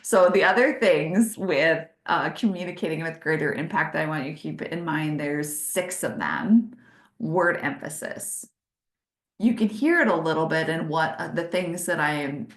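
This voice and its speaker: A woman in her forties teaches a leadership webinar over a video call, her voice sitting a bit low. She is animated and emphatic, talking with her hands and leaning into key words. The sound is roomy, with noticeable echo off the walls. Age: 40s. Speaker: leadership consultant hosting a webinar.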